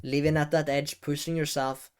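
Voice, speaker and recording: A man who makes educational videos, giving advice straight to the camera in a deliberate way, with pauses and stress on key words. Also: on the high side, flat delivery, smooth. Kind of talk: talking-head advice vlog. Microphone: camera-facing setup.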